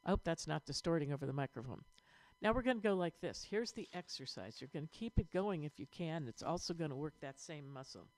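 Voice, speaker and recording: A woman choir director leading an online vocal warm-up lesson, upbeat and encouraging as she demonstrates breathing exercises. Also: low-pitched, expressive, brisk.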